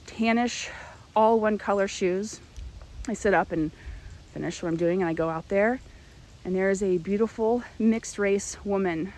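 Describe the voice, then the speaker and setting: A young woman recounts a personal testimony, animated and vivid in her telling. Her voice sits mid-pitch. A faint noise runs underneath. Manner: animated storytelling. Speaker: storyteller.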